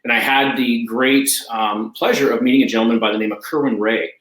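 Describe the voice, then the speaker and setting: An enthusiastic man, a life coach speaking as a guest, who hammers home his points by repeating them. His voice sits at a middle pitch. It rings with a roomy echo. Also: steady tone, a little fast, a bit bright. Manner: enthusiastic, emphatic, repeats key phrases. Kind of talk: energetic conversational talk.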